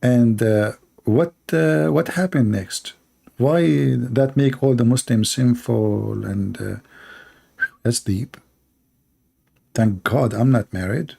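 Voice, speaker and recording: A man's voice: mid-range voice, takes it slowly, gravelly, mellow, husky. Sarcastic man hosting a reaction stream. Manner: mocking, sarcastic, non-native English phrasing. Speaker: channel host reacting to a video. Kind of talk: sarcastic live-stream commentary.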